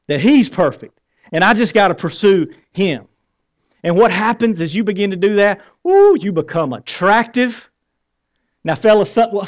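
A man with a Southern American accent preaching a conversational sermon, asking the congregation questions and joking at his own expense. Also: sits high. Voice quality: bearded. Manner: conversational preaching with questions to the crowd, wry humor. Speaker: pastor.

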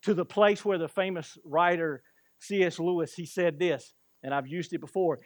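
A man preaching a sermon as pastor, speaking slowly and emphatically and chuckling as he tells stories. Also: on the high side, steady tone, dry recording. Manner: slow, emphatic storytelling with chuckles.

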